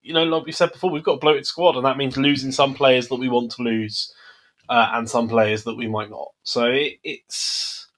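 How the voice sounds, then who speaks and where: Man, podcast co-host, casual, measured, medium pitch. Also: steady tone, a bit bright. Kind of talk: casual chat.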